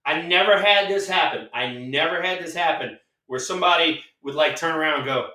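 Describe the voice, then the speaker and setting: A middle-aged man and former ballplayer co-hosting a sports talk show, telling anecdotes in a relaxed way and checking in with "all right?". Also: fairly high pitch, a little fast. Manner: laughing, anecdotal storytelling with "all right?" tags. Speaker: podcast co-host, former ballplayer. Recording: echoey room, distant mic.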